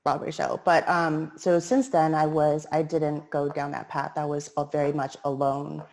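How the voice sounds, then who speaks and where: A woman speaks on a panel and recounts an early audition in a chatty, conversational way. Her voice is on the low side for a woman, and she pauses often with fillers. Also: flat delivery, a little mellow. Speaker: panel guest, performer. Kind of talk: casual storytelling on a panel.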